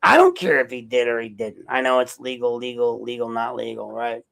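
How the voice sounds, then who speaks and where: A man's voice: medium pitch, big pitch swings, a little fast, gravelly, fairly bright tone, rough recording. Rambling, sarcastic podcast host man. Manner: rambling, profane, sarcastic, with self-corrections. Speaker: podcast host, investigative journalist. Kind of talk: casual solo podcast monologue.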